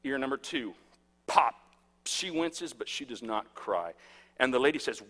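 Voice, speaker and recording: A man in his thirties, a pastor preaching a sermon and telling stories, swinging from hushed to loud. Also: medium pitch, very animated, measured pace. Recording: echoey hall.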